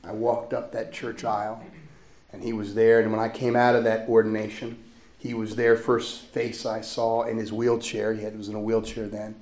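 Priest telling a personal story in a roomy church. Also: male voice, on the low side, completely flat delivery, normal speed. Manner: personal storytelling, gentle, laughs often. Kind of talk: sermon.

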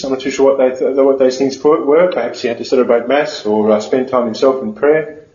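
A man, a Catholic priest, telling stories in a conversational sermon, often pausing on fillers and restarting. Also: medium pitch, steady tone, a little mellow, a little hiss or hum. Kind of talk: storytelling sermon. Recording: dull, echoey room.

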